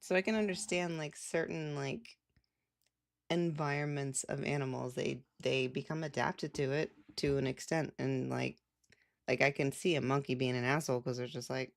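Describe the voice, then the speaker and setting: A woman's voice: extremely low pitch, fairly even intonation, moderate pace, gravelly. A young adult woman live streamer chatting casually, rambling with lots of "like" fillers and laughs. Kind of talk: casual chat.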